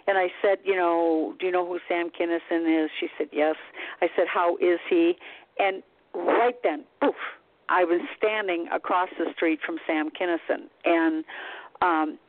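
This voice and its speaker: A woman's voice: lowish voice, no echo. A woman, a psychic medium guest, recounts a personal experience in casual storytelling, acting out quoted dialogue between fillers. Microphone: phone. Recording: tinny dry phone line.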